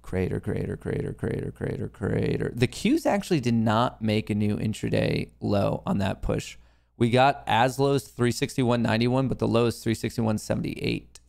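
A man's voice: mid-range voice, lively intonation, normal speed, gravelly, darkish tone. A young man hosting a live trading stream, talking casually to himself and his viewers, muttering and swearing at the market. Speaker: livestream host, day trader.

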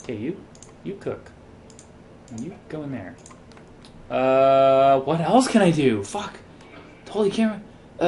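Tipsy, excitable gamer with a lively voice. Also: mid-range voice, unhurried, long pauses. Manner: excitable and profane, bursts into loud exclamations and silly sound effects. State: tipsy from drinking. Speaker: let's play gamer. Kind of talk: casual gameplay commentary.

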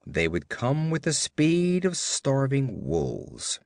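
A man giving expressive, dramatic audiobook narration of a pulp adventure. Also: medium pitch, slow pace.

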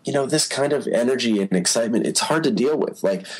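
A man's voice: medium pitch, lively intonation, fast talker, slightly rough, poor audio. A man talking as a podcast guest, telling stories casually with lots of filler words. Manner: chatty storyteller, many "you know" fillers. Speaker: entertainment journalist guest. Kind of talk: casual interview talk.

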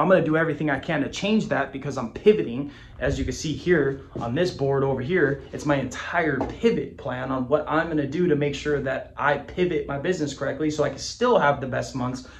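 In an indoor office with a whiteboard, a business coach gives a punchy, emphatic motivational talk to camera, repeating phrases and swearing casually. His voice is medium-pitched and a bit bright, picked up by the camera mic.

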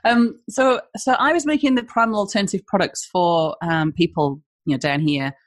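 A woman from northeast England with a northeast English accent, chatting as a podcast guest and telling her story in a lively way. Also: fairly low pitch, normal speed, dry recording. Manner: chatty, storytelling, animated when excited. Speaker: guest, small food business owner. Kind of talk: casual conversational interview.

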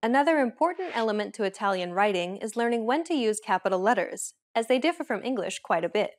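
Woman, lesson host, scripted narration, clear steady explaining, mid pitch. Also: quick pace.

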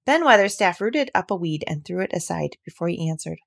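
A woman reading a classic novel aloud with expressive storytelling. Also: on the low side, a little fast, vocal fry, hardly any pauses. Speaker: audiobook reader.

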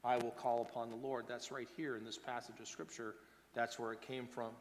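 A pastor delivering a sermon, his delivery swinging between hushed and loud. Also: mid-range voice, level tone, fairly quick, long reverb tail, a little hiss or hum. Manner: preaching with wide swings between soft and loud.

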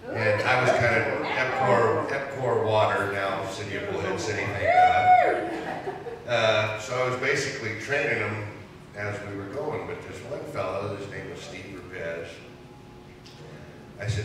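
A man telling a work story to a party audience, lively and acting out the back-and-forth. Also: fairly low pitch, a little slow. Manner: lively anecdote teller who acts out dialogue. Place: party venue with a live audience. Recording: echoey hall from far off, noisy.

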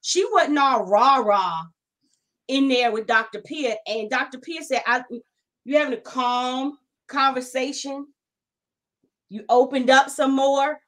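Brief: woman podcast co-host, high voice, animated and emphatic chat. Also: measured pace. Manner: animated, emphatic, exasperated commentary. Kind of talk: casual reality-TV discussion.

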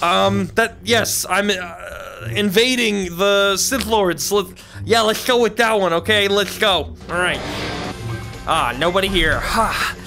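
A young man giving excitable, playful commentary while playing a virtual reality game. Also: high voice, creaky. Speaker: gaming YouTuber. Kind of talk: VR gameplay commentary.

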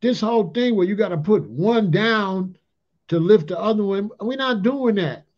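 A man's voice: sits high, animated, normal speed, darkish tone. A man giving a casual ranting monologue in loose street slang, often tagging lines with "allegedly" and "you know what I'm saying". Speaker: commentator on a talk channel. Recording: dull lo-fi sound.

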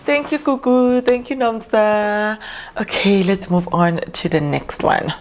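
A woman's voice: medium pitch, measured pace, noisy background. A young South African woman chatting casually in an unboxing vlog, gushing and emotional with gratitude. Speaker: vlogger.

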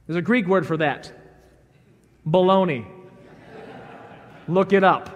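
A man's voice: sits high, very animated, a little slow. A man preaching a sermon as a pastor, emphatic, acting out the people he quotes. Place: church sanctuary. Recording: reverberant church sanctuary.

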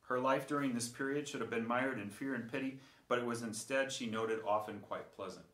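A man's voice: mid-range voice, fairly even intonation, fairly quick, a bit bright, roomy sound. A man giving a conversational sermon with dry humor and frequent filler words. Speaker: preacher.

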